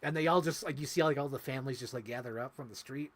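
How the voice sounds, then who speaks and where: A fast-talking man with a mid-range, fairly bright voice co-hosts a podcast reviewing movies. His chat is casual, rambling and emotional, thick with fillers.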